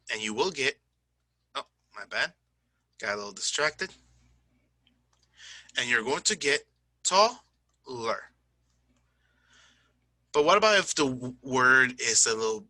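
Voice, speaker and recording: Over a screen recording, a man walks through an English grammar lesson one step at a time, often asking "okay?" and owning little mistakes with a "my bad." His mid-range voice sounds pushed and bright, with no echo and poor recording quality.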